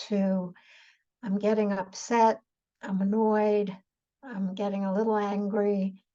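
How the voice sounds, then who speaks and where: A woman therapist giving a calm educational talk on parenting, explaining step by step with fillers and repeated starts. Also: mid-range voice, highs cut off.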